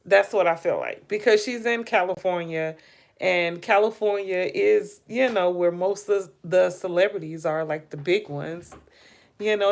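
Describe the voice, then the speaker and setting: A woman hosting a relaxed livestream, her voice sitting a little low and her talk unhurried. She muses aloud about gossip, speaks straight to her viewers and yawns between thoughts. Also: vocal fry. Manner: chatty, muses aloud, addresses viewers directly. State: yawning, tired. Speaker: livestream host. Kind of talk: casual live gossip commentary.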